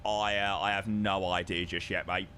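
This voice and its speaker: A young man chatting casually on a live stream while flying a sim, excitable and self-mocking. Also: low-pitched, normal speed, a little hiss or hum.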